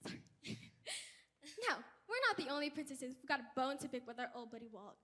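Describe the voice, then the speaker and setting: A woman's voice: high voice, animated, fairly quick, sharp tone. A woman playing a sassy, wisecracking young princess in a live stage musical, making wry, brassy asides to the audience. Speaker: stage actor. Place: school auditorium stage. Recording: long reverb in a big hall.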